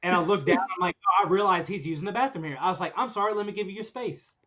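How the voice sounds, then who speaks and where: A man hosting a podcast, telling a story in a casual chat, animated and often laughing as he goes. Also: high voice, fast. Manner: animated, laughs through his own story. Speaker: podcast host. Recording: dull lo-fi recording.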